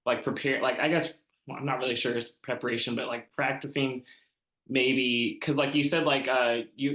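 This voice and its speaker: A man asking halting questions in an online seminar, packing his speech with "like" and restarts. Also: mid-range voice, fairly bright tone. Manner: halting, filler-heavy, says "like" constantly. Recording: echoey room.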